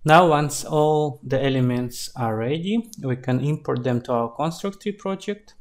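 A man, an indie game developer, narrating a screen-recorded tutorial in a relaxed, explaining way. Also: fairly high pitch, measured pace.

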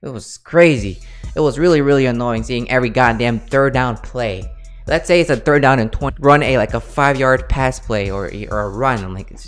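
A man's voice: medium pitch, normal speed, faint music behind. Fired-up young-sounding male fan vlogger. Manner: emphatic, fired-up, says "guys" and "okay?" a lot. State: a bit out of breath. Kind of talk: casual fan commentary to camera.

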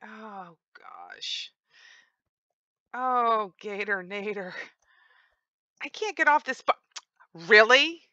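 A woman commentating her own gameplay, her bright voice swinging widely in pitch as she exclaims and teases her viewers. The recording is dry and a bit dull, like a home desk mic. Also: lively intonation, very slow, pauses often, smooth, no room sound. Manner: exclaiming, playfully boastful, chatty to viewers. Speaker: gaming channel host. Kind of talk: let's-play commentary.

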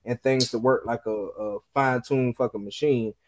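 Young guy on a podcast, cussing a lot, telling stories and doing everybody's voices, mid-pitched voice. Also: normal speed. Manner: profane, animated storytelling with quoted voices. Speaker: podcast co-host. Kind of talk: casual podcast chat.

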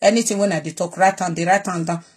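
A husky-voiced woman from Edo State with a Nigerian accent speaks straight to camera in a live video rant. She moves between Pidgin and her Edo dialect, and her tone is bold and challenging throughout. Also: on the low side, steady tone, fast talker. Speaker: vlogger.

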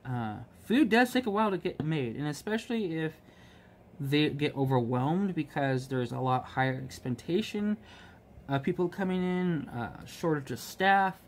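A man chatting casually about his work as a restaurant manager, rambling with many ums and restarts and getting animated when he quotes people. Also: on the high side, moderate pace, slight background noise. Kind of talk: casual storytelling while crafting.

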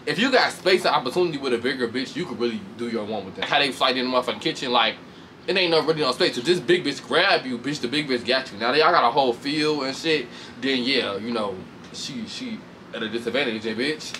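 A man casually recapping a reality show fight with lots of swearing, laughter, and sudden high mocking voices. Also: fast talker, slight background noise. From Chicago. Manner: animated, profane, laughs often, shifts into high mocking voices. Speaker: commentator reacting to a reality show. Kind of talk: casual chat.

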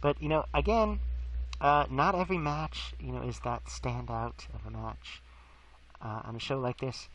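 A man's voice: mid-range voice, steady tone, normal speed, fairly bright tone, a little hiss or hum, poor audio. A man talking casually to camera about wrestling shows he saw, rambling with lots of fillers and acting out the crowd's chants. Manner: chatty, many fillers, acts out crowd chants. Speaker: vlogger reviewing wrestling shows.

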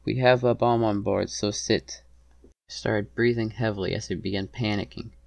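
A man's voice: lowish voice, vocal fry, no room sound. A man narrating a dramatized story in the first person, earnest and tense.

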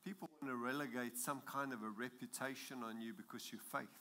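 A man's voice: medium pitch, steady tone, brisk, pushed and bright, slight background noise. A man preaching a sermon as pastor, with an accent, emphatic and building in intensity, chuckling at his own jokes.

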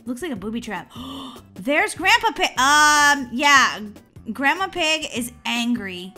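A woman hosting a gaming channel, chatting excitedly through a video game and squealing when she is chased. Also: a little high, normal speed, faint music behind. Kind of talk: playing a video game with commentary.

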